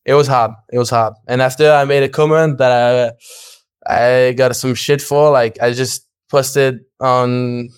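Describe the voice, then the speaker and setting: Young male guest, lively storyteller, acts out dialogue, smooth clear voice, mid pitch. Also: a little slow, no echo, studio quality. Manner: animated, acts out quoted dialogue, laughs often, swears. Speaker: podcast guest. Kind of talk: casual storytelling.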